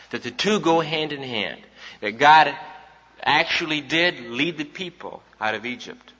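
A man with a pushed, bright voice of medium pitch preaches emphatically at an evening service, restating his key points for the congregation. The sound is dull, recorded in a reverberant hall.

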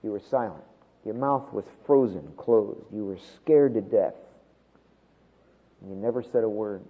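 A man preaching a sermon, with dramatic swings from loud emphasis to hushed tones. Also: lowish voice, lively intonation, measured pace, husky. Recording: tinny phone-like sound with long hall reverb.

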